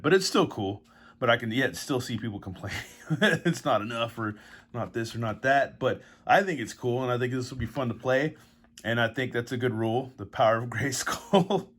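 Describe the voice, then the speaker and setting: A man chatting casually about a card game, rambling and easygoing, his voice hoarse from allergies. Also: medium pitch. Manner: rambling, easygoing, chuckles often. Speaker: toy collector vlogger. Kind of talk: casual unboxing chat.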